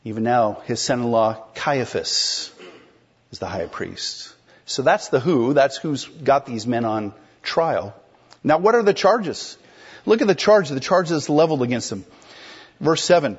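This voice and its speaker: Husky-voiced man preaching a sermon. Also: medium pitch, sing-song, unhurried, muffled recording. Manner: conversational, explains and asks the congregation questions. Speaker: pastor. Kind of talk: expository sermon.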